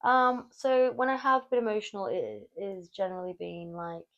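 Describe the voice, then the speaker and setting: A woman's voice: mid-range voice, normal speed, highs cut off. A woman from Australia with an Australian accent, a tattoo artist talking thoughtfully and openly about her feelings as a podcast guest. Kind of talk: casual podcast chat.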